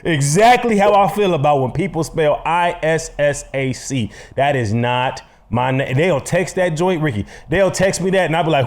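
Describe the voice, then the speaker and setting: Young guy hosting a podcast, high voice, goes off on rants, laughs a lot. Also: moderate pace, hardly any pauses. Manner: animated, emphatic, laughs a lot. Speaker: podcast co-host. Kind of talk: casual podcast rant.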